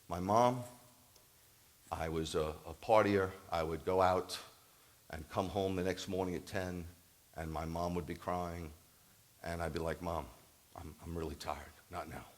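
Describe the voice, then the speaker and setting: Deep-voiced older man preaching a sermon. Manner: animated storytelling, swings from loud laughing bursts to quiet reflection. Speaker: rabbi preaching.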